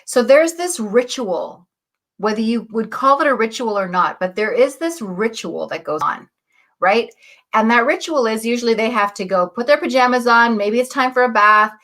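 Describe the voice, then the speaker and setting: A woman with a slightly high voice hosts a live morning talk in a chatty, encouraging way. Her voice is husky from the early hour, and she clears her throat now and then. She often checks in with a quick "right?". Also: expressive, a bit bright. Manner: upbeat, chatty, greets viewers, asks "right?" often. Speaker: host, coach.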